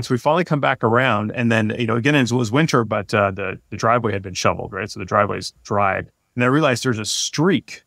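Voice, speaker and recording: A man's voice: on the low side, fast, gravelly, hardly any pauses, no room sound, studio quality. Rambling man in his forties telling a story. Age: 40s. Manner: rambling, lots of fillers and restarts, lively when retelling. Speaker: podcast guest. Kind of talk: casual storytelling.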